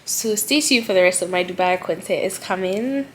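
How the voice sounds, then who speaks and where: A woman's voice: mid-range voice, moderate pace, a bit bright, slight background noise. Young woman vlogger, chatty and heartfelt, filler-heavy, talking into a handheld phone. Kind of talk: casual vlog talk to camera. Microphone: handheld phone camera.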